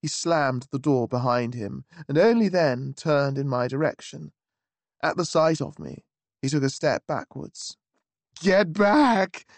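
A man narrating a story in a wry, lively, genteel manner. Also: medium pitch, unhurried, gravelly, no echo. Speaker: audiobook narrator. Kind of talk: scripted narration.

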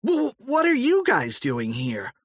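A flustered grown man blurts and exclaims in a storybook scene, as a man voices him. His voice rides up high in alarm and swings widely, close-miked and dry, slightly breathy. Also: very animated, takes it slowly, bright, forceful tone, no room sound, exaggerated voice. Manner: startled, exclaiming. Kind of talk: audiobook character voice.

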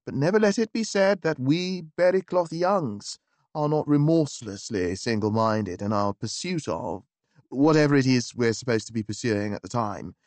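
A man narrating a story in a wry, lively, genteel manner. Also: mid-range voice, dry recording. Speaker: audiobook narrator. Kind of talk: scripted narration.

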